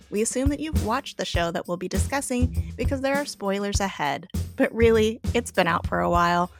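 A woman guesting on a casual podcast, friendly and giggly as she chats. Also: medium pitch.

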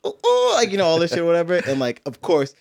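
A man's voice: on the high side, quick pace, no echo, studio quality. A man telling a story in a casual podcast chat, laughing often and acting out noises. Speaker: podcast co-host.

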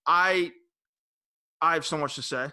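A man co-hosting a podcast, teasing and excitable in casual chat. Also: fairly high pitch, measured pace, smooth. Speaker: podcast co-host.

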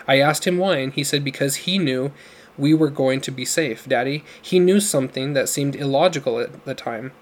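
A man's voice: mid-range voice, moderate pace, natural voice. A man voicing a steadfast young woman who speaks earnestly and pleadingly.

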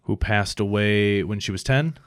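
A low-pitched man in his thirties reads trivia aloud on a casual podcast, tripping over unfamiliar names and cursing with a laugh. The sound is dry and close, with no room around him. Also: normal speed, clean tone, dry recording. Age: 30s. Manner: stumbles over foreign names, profane, laughs easily. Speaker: podcast co-host. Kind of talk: casual podcast chat reading facts aloud.

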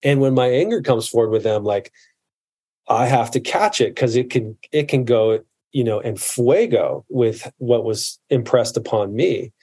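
A man's voice: mid-range voice, expressive, measured pace, dark tone, husky. A man in his forties talking earnestly as a coach in a casual podcast conversation, often stopping and restarting his sentences. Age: 40s.

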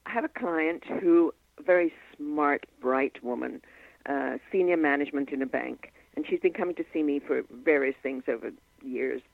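A woman hypnotist, a guest in an interview, who tells client stories in an animated way and acts out the quotes. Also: sits low, normal speed, gravelly, no echo. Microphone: telephone. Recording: tinny dry phone line.

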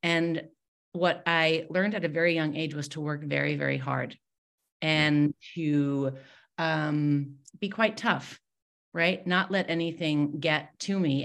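A woman guesting on a podcast interview, telling her story in a candid, open way. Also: deep voice. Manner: warm, candid storytelling with fillers. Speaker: podcast guest, mindset mentor.

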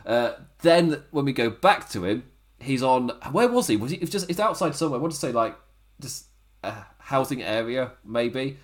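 Man, casual podcast chat, lively pitch, laughs a lot. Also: moderate pace. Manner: laughs often, animated retelling with acted quotes. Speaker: podcast co-host. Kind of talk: casual chat recapping a wrestling show.

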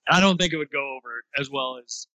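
A man co-hosting a podcast in a temporary studio, chatting casually and dropping wry, crude deadpan jokes. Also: mid-range voice, fast, dry recording, poor audio. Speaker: podcast co-host. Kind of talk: casual chat.

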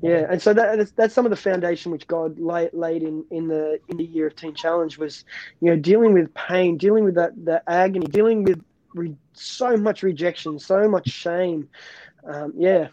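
Man, high voice, earnest testimony, halting restarts, dry close sound, muffled lo-fi quality. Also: warm tone, no echo. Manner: earnest, many restarts and repeats. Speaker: pastor, interview guest. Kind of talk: personal faith testimony.

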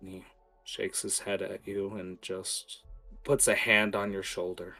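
A man narrating as game master of a tabletop game, quick and hesitant, with many fillers. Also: sits low, level tone, vocal fry, sharp tone, soft background music.

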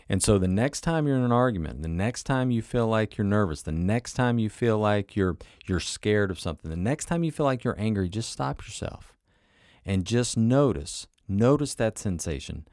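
Deep-voiced man giving a self-help talk. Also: darkish tone, no echo, studio quality. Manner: conversational, repeats phrases, asks rhetorical questions; acts out inner voices in short quoted asides. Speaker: podcast host.

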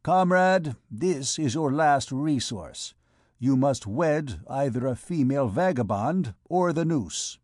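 A man voicing a loud, swaggering male vagabond chief who bellows and mocks. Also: medium pitch, animated, takes it slowly, dry recording, clean studio sound. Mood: mocking. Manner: bellowing, mocking auctioneer calls. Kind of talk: audiobook character voice.

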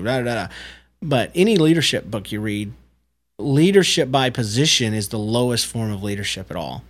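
A man in his thirties co-hosts a relaxed parenting podcast. His voice sits in a middle register, and he speaks earnestly, laying out his reasoning step by step. He often restarts his phrases as he thinks aloud. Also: medium pitch, a little fast. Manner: earnest, explanatory, with frequent restarts. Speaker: podcast co-host. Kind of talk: casual parenting chat.

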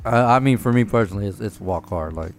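A man's voice: lowish voice, fast. Casual guy, profane, laughs easily, does bits of movie quotes; light music under. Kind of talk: casual chat among friends.

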